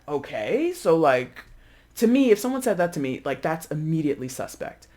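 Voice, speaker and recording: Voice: medium pitch, big pitch swings, normal speed, a little mellow. A tarot reader speaking casually to camera, chatty and loose, often acting out the lines of imagined people. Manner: loose, with frequent fillers and self-corrections.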